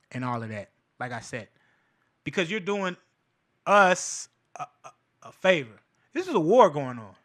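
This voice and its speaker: Male host, casual profane commentary, high bright voice. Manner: animated and profane, laughs between points. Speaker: show host. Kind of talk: casual cultural commentary monologue.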